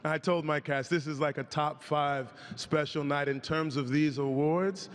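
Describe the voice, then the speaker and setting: A hoarse actor answering reporters candidly in an awards press room. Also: male voice, on the high side, measured pace, in a large hall. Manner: candid, reflective, loosens up when excited.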